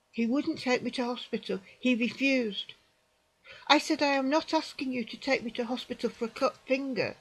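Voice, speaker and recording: A British woman in her sixties, telling her own story to the camera in an emphatic, indignant way, repeating phrases and dropping into quiet asides. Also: high-pitched, normal speed, rough recording. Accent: British English. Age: 60s. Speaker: vlogger recounting an experience. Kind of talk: indignant personal account to camera.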